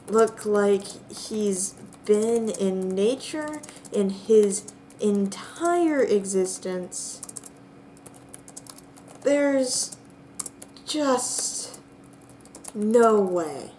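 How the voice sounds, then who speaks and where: A young woman narrating a text adventure game with bemused, drawn-out comic disbelief. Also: medium pitch, dark tone, slight background noise. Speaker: player and narrator.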